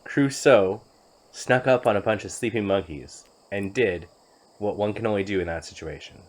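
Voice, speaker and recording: A man's voice: lowish voice, normal speed, rough recording. A man narrating and commenting on his own gameplay in a playful, chatty way with jokey asides. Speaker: game commentator.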